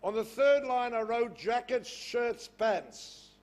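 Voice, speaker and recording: An older man with a South African accent, giving a public lecture and telling anecdotes with lively storytelling. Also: extremely high pitch, takes it slowly. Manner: storytelling, animated in jokes. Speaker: guest speaker. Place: lecture hall podium.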